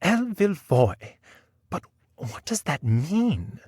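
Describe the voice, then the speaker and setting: Brief: grandmotherly old woman novelist, curious and high-voiced, read by a man, storybook reading. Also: very animated, takes it slowly, darkish tone, slightly rough, no room sound, studio quality, full character voice. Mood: puzzled. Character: elderly female British novelist, grandmotherly, curious.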